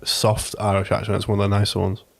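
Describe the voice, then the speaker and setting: A young man, chatting casually as podcast co-host in quick, short remarks. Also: lowish voice, monotone, creaky. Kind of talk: casual chat.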